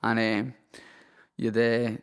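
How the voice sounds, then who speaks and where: Young man, Liverpool accent, flat monotone delivery, rambling and sweary, long hall reverb. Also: mid-range voice, takes it slowly, clear, resonant tone. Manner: rambling, sweary, says "lad" constantly. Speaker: guest, professional boxer. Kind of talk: casual interview chat.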